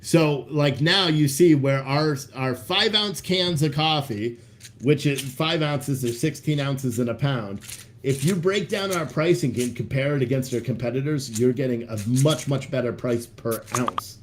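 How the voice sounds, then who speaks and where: A man hosting a live stream, talking casually to his chat at a middle pitch. His talk is loose and hyped-up, with plenty of swearing. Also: a little slow, a little hiss or hum. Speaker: livestream host selling coffee.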